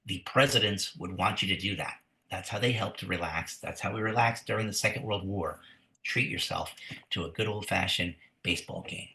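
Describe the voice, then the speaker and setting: A man's voice: lowish voice, sharp tone. A man educator hosting a webinar, telling a joke in a folksy, rambling way with restarts. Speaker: museum educator. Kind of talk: webinar presentation. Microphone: webinar computer mic. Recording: echoey room.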